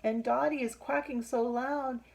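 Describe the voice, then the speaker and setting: A woman reading a picture book aloud to children, explaining pictures and asking questions, with a husky voice. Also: on the high side, steady tone, a little slow, low-quality recording.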